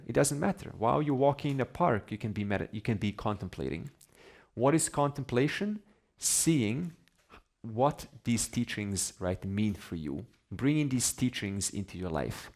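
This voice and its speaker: A man's voice: medium pitch, gravelly, a little mellow. A man teaching a class on scripture, conversational, asking his students questions and laughing between points. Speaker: Vedanta teacher.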